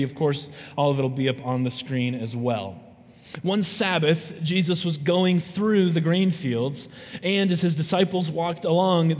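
A man preaching a sermon to a church congregation, lively and conversational, often checking in with his listeners. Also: a little high. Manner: lively, conversational, often asks "right?" to the audience. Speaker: pastor. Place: church sanctuary. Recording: long reverb from a large hall.

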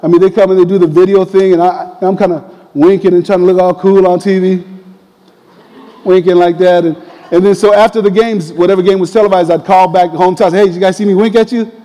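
A man preaching a sermon, telling a personal story in a conversational, animated way. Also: sits high, fairly quick, in a large hall, rough recording. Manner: conversational, animated retelling with quoted voices.

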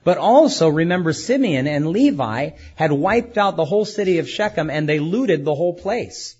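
A man's voice: on the high side, expressive, normal speed, darkish tone, slightly rough, dull audio. A man preaching a sermon as a pastor, asking rhetorical questions and acting out quoted speakers.

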